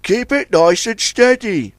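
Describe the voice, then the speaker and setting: Calm submarine character, reassuring, steady, storybook, put on by a man. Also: high voice, a little slow, no room sound, studio quality, voice pushed up.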